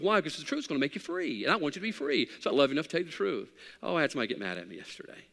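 A man preaching a sermon as pastor, emphatic, swinging from loud declarations to low, quiet asides. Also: sing-song, racing, big-room sound.

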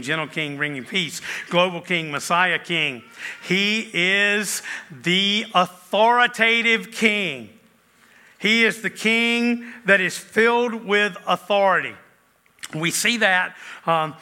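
A man preaching to his congregation with a very bright, ringing voice pitched a little high. He stacks up repeated phrases, rising loud and drawn out on the key words, then sinking soft and low. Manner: repeats titles and phrases in building lists. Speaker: pastor. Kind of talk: sermon.

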